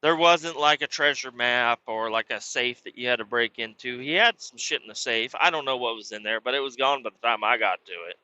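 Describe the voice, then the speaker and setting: A man spins a rambling, profane comic story in a sharp, very bright voice. The recording is dry and a little dull, with no room sound. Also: medium pitch, a little fast, few pauses, smooth, no echo. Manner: crude, rambling, animated swearing. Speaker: podcast host.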